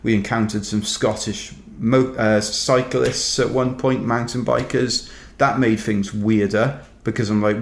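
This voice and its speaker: A man's voice: on the low side, fairly even intonation, unhurried, creaky, few pauses. A Welsh man telling a rambling, wry story in casual chat, dotted with "kind of" and "you know". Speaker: ultrarunner guest. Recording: roomy echo.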